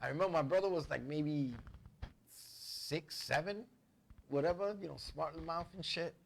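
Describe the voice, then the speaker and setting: A man hosting a talk show, telling family stories in a casual, profane, animated way. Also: fairly high pitch, measured pace, gravelly. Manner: animated, profane, acts out family members' voices. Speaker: show host. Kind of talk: casual comedic storytelling.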